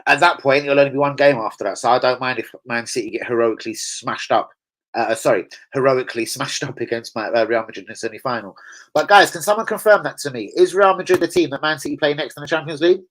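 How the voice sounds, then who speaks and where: A man's voice: mid-range voice, quick pace, a bit bright, rough recording. Young man, streamer host, loose, sweary, chatty, laughs a lot. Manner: swearing, chatty, laughs often, answers chat. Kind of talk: casual live stream chat.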